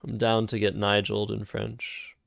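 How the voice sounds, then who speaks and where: A man's voice: lowish voice, completely flat delivery, moderate pace, vocal fry, a bit bright, no echo, studio quality. A man casually thinking aloud while playing word games on a live stream. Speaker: streamer and Scrabble player.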